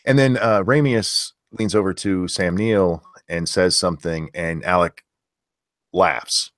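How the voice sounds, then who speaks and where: A man discussing a movie as a podcast co-host, relaxed and hesitant with fillers and the odd swear. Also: deep voice, slow pace, no echo, studio quality.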